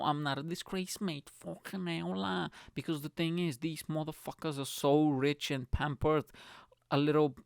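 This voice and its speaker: Man, podcast host, energetic rant, lots of swearing, rambling, dry close sound. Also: fairly high pitch, clean tone, no room sound. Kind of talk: ranting comedic monologue.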